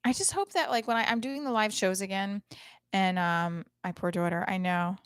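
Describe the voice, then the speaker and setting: A woman's voice: mid-range voice, moderate pace, clean tone, no echo. A middle-aged woman hosting a podcast, talking in a blunt, profane, rambling comedic monologue into a close mic.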